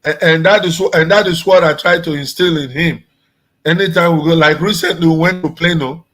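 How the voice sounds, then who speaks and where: Male guest from Nigeria, casual conversation, slightly higher voice, easygoing delivery. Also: brisk, rough recording. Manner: relaxed, conversational, with restarts. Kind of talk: casual chat.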